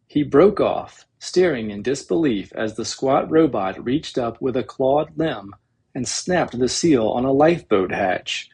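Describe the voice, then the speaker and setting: Husky male audiobook narrator. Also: mid-range voice, expressive, measured pace, darkish tone. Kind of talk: reading a novel aloud.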